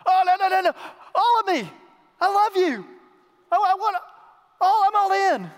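Give me a man doing an impulsive, devoted disciple, a very high, strained male voice that pleads and gushes, with long hall reverb trailing behind it. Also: brisk, a bit bright. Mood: eager. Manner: pleading, then eagerly gushing.

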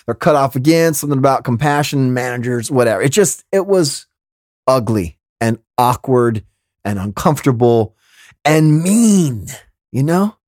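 Brief: lively, exasperated male host storyteller, dry close-mic sound. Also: medium pitch, normal speed, no echo. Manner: animated, exasperated, laughing asides. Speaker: podcast host. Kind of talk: comedic storytelling monologue.

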